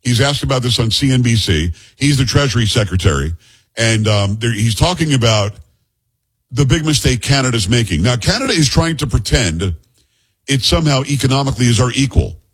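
A man's voice: mid-range voice, animated, brisk, slightly rough. A middle-aged man hosting a podcast in casual chat, rambling into joking asides and teasing his co-host. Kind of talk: casual talk-show chat.

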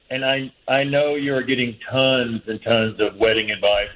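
A man's voice: mid-range voice, a bit bright. A man calls into a radio show and gives earnest, friendly advice. His voice comes through a dull, muffled phone line. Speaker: caller.

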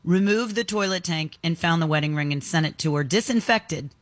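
A woman's voice: fairly low pitch, a little fast. A woman reading news items on a morning show, telling each story in a chatty, conversational way while outdoors. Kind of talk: casual news chat. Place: outdoors in the sun.

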